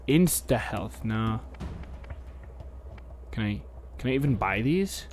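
A man's voice: on the low side, expressive, slow pace, long pauses, darkish tone, soft background music. Goofy gamer man with a worn-out voice. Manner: rambling, jokey, talks back at game enemies; keeps his voice down because people are asleep. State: worn-out voice from a day of talking. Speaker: let's play commentator. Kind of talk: goofy gameplay commentary.

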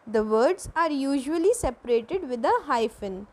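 A woman's voice: high voice, lively intonation, normal speed, a little mellow, low-quality recording. A woman teacher, explaining a grammar lesson and answering her own questions.

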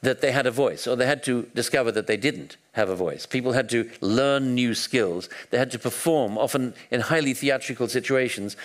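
A man lecturing on history in a storytelling manner, with a mid-range voice that often doubles back and restarts mid-sentence. He speaks at a moderate, unhurried pitch, as if thinking aloud for an audience. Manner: animated storytelling with frequent restarts and hesitations. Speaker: historian giving a talk.

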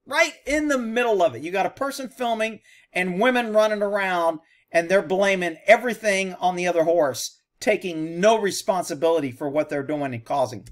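A man's voice: high-pitched, normal speed, hardly any pauses. A man, a horse trainer, giving blunt, sarcastic reaction commentary over a video.

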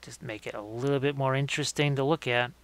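A man paints miniatures live for an online audience, talking through his process in a relaxed way and often revising himself mid-sentence. He speaks quickly, with a clean tone and medium pitch.

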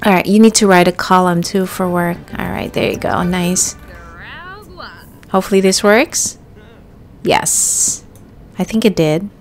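A young woman talking her way through a life-simulation game in a loose, chatty way. She coaches her character and addresses viewers directly, now and then breaking into excited yelps. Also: fairly low pitch, measured pace, long pauses, a little hiss or hum. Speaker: gaming YouTuber. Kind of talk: casual let's-play commentary.

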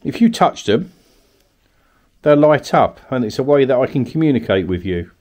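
A man, from Kent, talks his way through a ghost hunt inside an abandoned cottage at night. He coaxes unseen spirits with polite questions and pleases. His pitch swings widely from high to low. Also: sing-song, normal speed, a little mellow. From Kent, England. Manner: coaxing, calls out politely to spirits. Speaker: paranormal investigator. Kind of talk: ghost-hunting narration.

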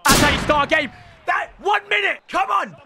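A young man commentating his own football video game matches, excitable and sweary, ribbing his opponents. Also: very high voice, moderate pace, vocal fry, noisy background. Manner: excitable, shouty, sweary banter. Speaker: gaming YouTuber. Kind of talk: live gameplay commentary. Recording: game music behind voice.

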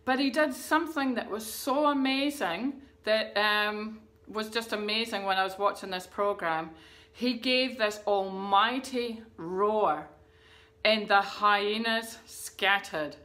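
A woman's voice: medium pitch, takes it slowly, pushed and bright. A woman pastor preaching a livestreamed sermon, earnest and rousing, asking the listeners questions. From New Zealand. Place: church livestream.

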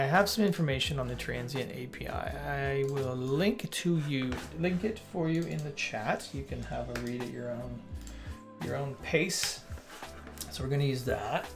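Guy live coding, gravelly voice, talks to himself a lot, faint music behind. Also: mid-range voice. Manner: thinking aloud, self-correcting, chatty asides to the viewer. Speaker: developer teaching coding on a livestream. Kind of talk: casual live coding walkthrough. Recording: light background music.

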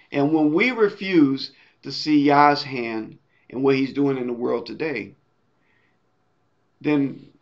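A man with a mid-range voice, recorded with the highs cut off, preaches a sermon in a conversational manner. He frequently checks in with listeners, tagging his points with "right?".

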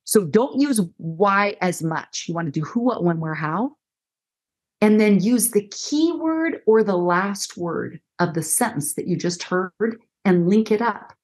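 A woman's voice: mid-range voice, lively intonation, unhurried, a little mellow. A middle-aged woman counselor teaching conversationally as a podcast guest, acting out quoted dialogue in shifting voices.

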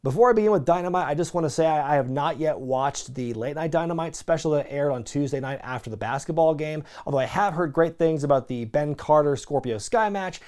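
A man's voice: on the high side, lively intonation, a little fast, hardly any pauses, darkish tone. A man casually recapping weekly wrestling shows, chatty and opinionated, with lots of fillers. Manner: chatty, frequent "like" and "you know" fillers; opinionated, asks viewers for predictions. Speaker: wrestling show reviewer.

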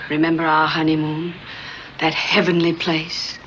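An actress playing an elegant, serene, ghoulish wife in a 1970s TV comedy, speaking in a calm, languid, dryly amorous way. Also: female voice, sits low, unhurried, noisy background. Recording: dull TV soundtrack with music.

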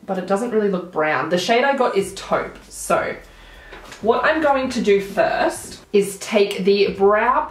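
A young woman, stuffy-nosed and mid-pitched, chats her way through a makeup tutorial, narrating each step as she puts on every product. She's a beauty vlogger, and the room gives her voice an echo.

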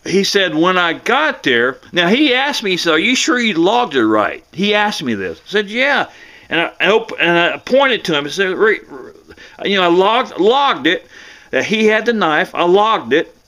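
An older man, a former police dispatcher, telling a story in a casual, animated way and acting out the voices of the people in it. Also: high voice. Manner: animated, acts out voices in the tale, chuckles.

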